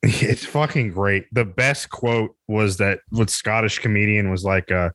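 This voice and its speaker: A man's voice: lowish voice, fairly even intonation, unhurried, fairly bright tone, no room sound. An American man, a podcast guest, in casual banter, rambling and laughing, profane. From United States.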